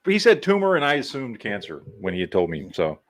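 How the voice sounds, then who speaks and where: A man co-hosting a casual livestream chat, explaining things quickly and matter-of-factly. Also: mid-range voice, huge pitch swings. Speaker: co-host.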